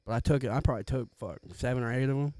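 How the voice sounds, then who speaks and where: A man's voice: mid-range voice, racing, warm tone, no room sound. A young man telling a rambling, profane story in casual chat, slangy and loose. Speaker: podcast co-host.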